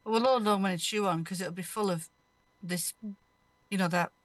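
A woman's voice: medium pitch, steady tone, normal speed, no echo. Rambling, anecdotal woman host. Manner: rambling, anecdotal, laughs through her stories. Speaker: radio show host. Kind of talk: casual chat.

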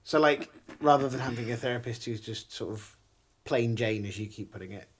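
A man with a middle-pitched voice in a casual chat, teasing his co-host and echoing her words back at her. A faint hiss sits under the recording. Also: brisk. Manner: teasing, echoes the other speaker's words.

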